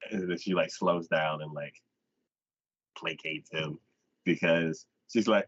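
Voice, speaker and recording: A man hosting a live anime podcast, retelling an episode in a casual chat with quick voiced asides. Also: sits low, steady tone, a bit bright, slightly rough, no echo, highs cut off.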